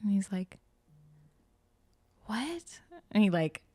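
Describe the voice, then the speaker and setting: A woman's voice: lowish voice, fairly even intonation, moderate pace, creaky, no echo. A young woman chatting on a podcast, telling a story with animation and acting out the quotes. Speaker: guest host. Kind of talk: casual podcast chat.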